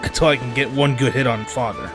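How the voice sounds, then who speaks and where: A man's voice: mid-range voice, fairly even intonation, fast talker, over music, lightly acted. A man reading the lines of a stubborn young mercenary swordsman in his own plain voice, from a game's dialogue. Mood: determined.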